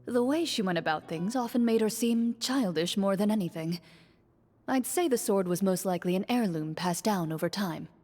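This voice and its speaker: A woman voicing a composed young swordswoman who speaks in a calm, reserved, measured way. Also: medium pitch, big-room sound, soft background music, lightly acted.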